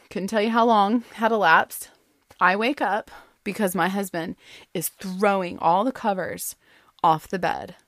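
Mom telling a story to the camera, talks fast and loose with lots of "like", dry close sound. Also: female voice, mid-range voice, no room sound. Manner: chatty and animated, full of "like" and "you know", laughs often. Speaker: storyteller sharing a family anecdote; mother. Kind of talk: casual personal storytelling.

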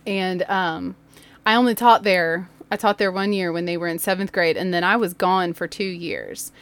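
A woman's voice: fairly low pitch, moderate pace. A woman podcast host and former teacher telling a funny story from her classroom, laughing often. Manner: animated, laughs often, acts out voices. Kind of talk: storytelling monologue. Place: laundry room home studio.

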